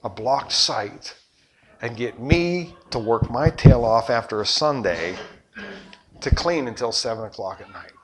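An older man preaching a sermon as a pastor, with rhetorical questions and passion that surges loud and then drops low. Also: animated, unhurried. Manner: impassioned preaching, rhetorical questions, surging and dropping loudness.

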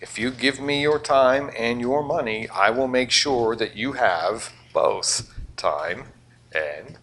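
An older man preaching a sermon, firing questions at the congregation and swinging between loud emphatic lines and quiet asides. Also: medium pitch, takes it slowly. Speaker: pastor.

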